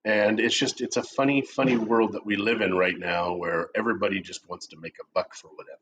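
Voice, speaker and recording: This middle-aged co-host of a real estate chat show has a lowish, fairly bright voice, with fairly even intonation and a fairly quick pace. He jokes and tells animated stories over coffee, captured in dull lo-fi stream audio with slight hiss or hum.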